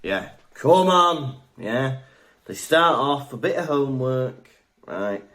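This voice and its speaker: A man co-hosting a casual podcast, joking and laughing often. His voice is mid-pitched and moves a lot. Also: lively intonation, slow, a bit bright. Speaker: podcast co-host. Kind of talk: casual chat.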